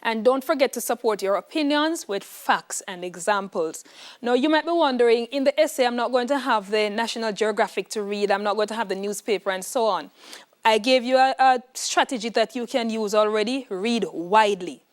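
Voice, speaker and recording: A woman's voice: a little high, a little fast. A woman with a Jamaican accent teaching an exam prep lesson in an emphatic, instructive way, checking in with "all right". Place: classroom.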